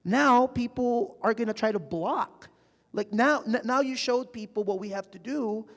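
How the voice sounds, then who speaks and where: A guest speaker with a very high-pitched voice talks a little slowly as he entertains a live audience in a big hall. It's an onstage public conversation, and he tells animated stories, performing the people he quotes, while the hall's reverberation fills the recording.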